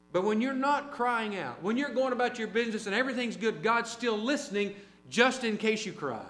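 High-voiced man preaching in echoey room. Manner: conversational, anecdotal, varies loudness widely. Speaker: preacher and teacher. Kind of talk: sermon. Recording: roomy hall with mains hum.

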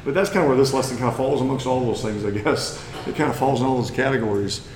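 A man's voice: mid-range voice, quick pace, a little mellow, reverberant, slight background noise, rough recording. A man from Missouri with a Missouri accent, preaching a lesson in a plain-spoken, folksy way that climbs into emphatic bursts. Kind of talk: sermon lesson.

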